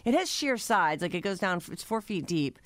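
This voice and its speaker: A radio show co-host in casual chat, telling anecdotes in an animated way and laughing along the way. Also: mid-range voice, normal speed, no room sound.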